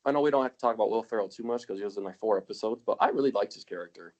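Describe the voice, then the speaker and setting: A man's voice: lowish voice, rapid-fire, darkish tone, highs cut off. A young man co-hosting a casual podcast chat, laughing often and acting out quotes in raised voices. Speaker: podcast co-host.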